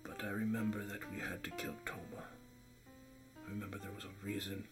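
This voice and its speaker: A man voicing a grave male companion who speaks mind to mind in a hushed, low voice. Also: little pitch movement, brisk, music in the background, lightly acted.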